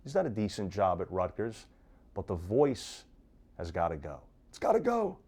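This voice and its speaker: Guy ranting about sports, swoopy lively voice, kinda sarcastic. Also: sits low, normal speed. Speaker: sports talk host. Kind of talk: sports commentary rant.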